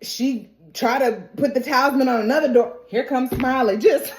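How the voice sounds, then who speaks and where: A woman giving a casual, animated recap and reaction, laughing often and acting out the characters' quotes. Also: high voice, moderate pace, slight background noise. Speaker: TV recap vlogger. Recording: roomy echo.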